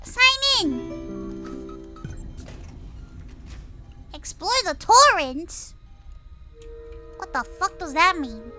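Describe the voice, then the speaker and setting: A young adult woman streamer giving excitable, jokey let's-play commentary, easily scared and slipping into Spanish phrases. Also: extremely high pitch, very slow, long pauses, faint music behind.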